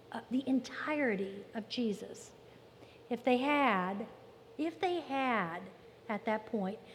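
A woman pastor preaching a sermon in an emphatic style, repeating phrases and pausing for effect. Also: a little high. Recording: long reverb with faint ambient noise.

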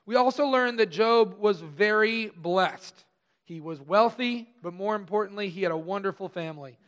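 A pastor preaching a conversational sermon, stressing key words slowly and trailing off softer at the ends of phrases. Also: male voice, high voice. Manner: conversational, pausing with emphatic slow stresses.

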